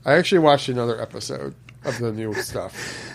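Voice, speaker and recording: A man's voice: medium pitch, fairly quick, gravelly. A man co-hosting a casual podcast chat, talking in a loose way full of ums and uhs. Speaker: podcast co-host.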